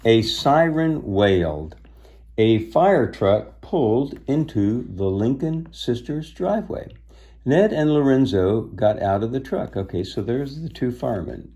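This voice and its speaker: A man's voice: medium pitch, big pitch swings, a little slow, warm tone, husky. A man reading a children's book aloud, stopping to chat and explain things to young listeners. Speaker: storybook reader.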